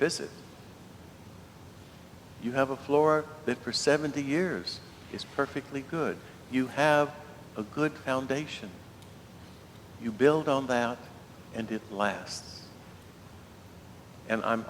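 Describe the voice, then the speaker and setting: A man, a priest giving a homily in an easygoing, storytelling way with rhetorical questions. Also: fairly bright tone. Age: 70s. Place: large church. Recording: long church reverb, faint rumble.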